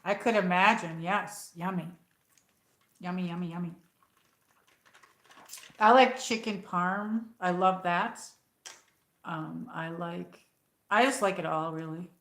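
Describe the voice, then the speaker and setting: This livestream host, a middle-aged American woman, rambles in a relaxed way while reading comments from her viewers aloud. She speaks slowly in a fairly low yet fairly bright voice, leaving long pauses. Her room sounds echoey.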